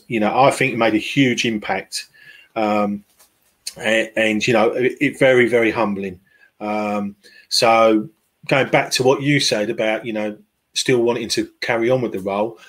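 Hesitant man chatting on a podcast. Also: lowish voice. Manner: hesitant, many fillers and restarts. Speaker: podcast guest, football club fan liaison. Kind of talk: casual conversational interview.

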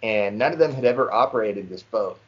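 A young man casually telling a lively fishing story to friends on a podcast and calling them "dude" a lot. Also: lowish voice, fairly quick. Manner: animated storyteller, says "dude" often. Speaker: podcast co-host. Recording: slightly dull lo-fi sound.

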